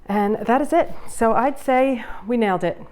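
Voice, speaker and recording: A woman casually talking viewers through making a home recipe, chatty and easily excited as she goes. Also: fairly high pitch, normal speed. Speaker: home cook vlogger. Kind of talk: casual cooking demonstration.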